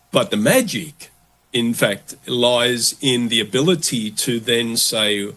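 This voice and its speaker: A man who is a guest in a business podcast interview, speaking in an animated way and acting out quoted thoughts. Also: medium pitch, takes it slowly. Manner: animated, acts out quoted voices. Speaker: guest, relocation consultant. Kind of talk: conversational interview.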